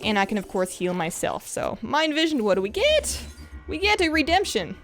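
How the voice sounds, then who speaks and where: A woman's voice: normal speed, noisy background. A woman giving casual, upbeat commentary over her own card game play, talking the viewer through each move in a chatty, friendly manner. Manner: chatty, upbeat, lively pitch swings. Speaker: gameplay commentator.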